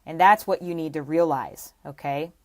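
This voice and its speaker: A woman with a low, deep voice explains fitness to camera as a coach. She talks emphatically, repeating key ideas and tagging them with "okay?" and "right?". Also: normal speed, darkish tone. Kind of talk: teaching to camera.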